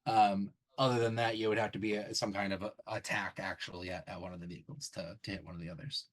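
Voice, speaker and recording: A man narrating as game master of a tabletop game, halting often with ums and restarts. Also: lowish voice, steady tone, fairly bright tone, poor audio.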